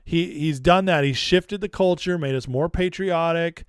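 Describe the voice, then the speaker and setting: A man hosts a live political stream in a higher, smooth and clear voice. He mocks the clips he plays with exasperated sarcasm, and the sound is dry and close to the mic. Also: moderate pace, dry recording. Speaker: political commentary host.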